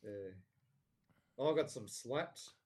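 A man's voice: mid-range voice, animated, extremely slow, darkish tone. A man co-hosting a podcast, giving opinionated, blunt takes on sport in casual banter. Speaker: podcast co-host. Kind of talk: casual chat.

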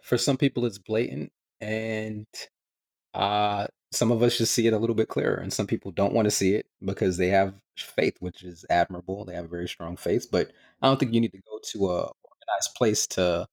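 A man with a fairly low voice talks in a measured, agreeable way in casual podcast chat, laying out his points and telling stories at an even pace. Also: vocal fry. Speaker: podcast co-host.

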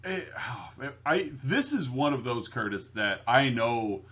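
Male podcast co-host, husky tone, bright, playful, laughs easily. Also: medium pitch, sing-song, a little slow. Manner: jokey, laughs often, quotes movies. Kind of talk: casual chat.

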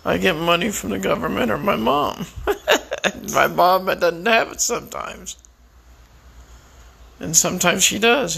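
A tired, weak-sounding man speaking slowly and reflectively in a personal monologue to the camera. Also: high voice, expressive, creaky, pushed and bright, husky, rough recording. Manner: slow, reflective, prayerful. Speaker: vlogger.

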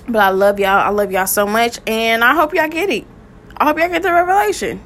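A woman's voice: a little high, fast. A woman hosting a podcast, preaching and praying fervently, repeating phrases with emotion. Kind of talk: impassioned spoken sermon and prayer.

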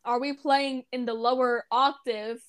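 A teenage girl with a very high voice co-hosts a casual podcast. She sounds nervous, stutters over her words and pads them with fillers. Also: fairly even intonation, unhurried. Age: teens. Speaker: podcast co-host. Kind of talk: casual chat.

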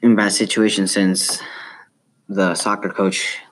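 Low-voiced man with a light Spanish accent. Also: flat delivery, slow pace, a bit bright. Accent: light South American Spanish. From South America. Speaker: student. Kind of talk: reading a personal essay aloud.

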